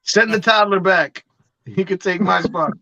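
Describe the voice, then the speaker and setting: A male co-host throwing profane, joking quips into casual podcast banter. His voice is slightly high, bright and sharp. The recording sounds dry and dull, with lo-fi tone. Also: a little slow, no echo.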